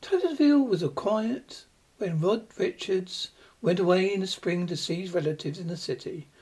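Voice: mid-range voice, normal speed, darkish tone, husky. A reader narrating a short story aloud, with an uneven pace and occasional restarts.

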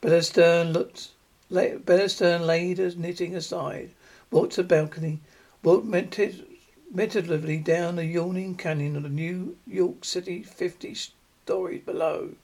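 A man reading a short story aloud, halting, with frequent stumbles and restarts. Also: sits high, fairly even intonation, a little mellow. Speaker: reader.

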